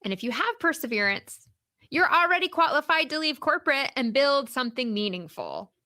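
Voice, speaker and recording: Bright-voiced, upbeat woman coach. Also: high-pitched, big pitch swings, no room sound, clean studio sound. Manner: encouraging, emphatic, slows down to stress points. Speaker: podcast host and career coach. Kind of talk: solo motivational podcast.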